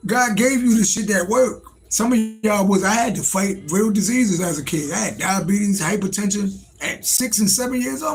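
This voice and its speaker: Gravelly-voiced man chatting loosely on a livestream. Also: sits high, moderate pace, few pauses, poor audio. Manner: loose, profane, joking, talks to chat. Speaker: livestream host, tarot reader. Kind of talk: casual livestream chat.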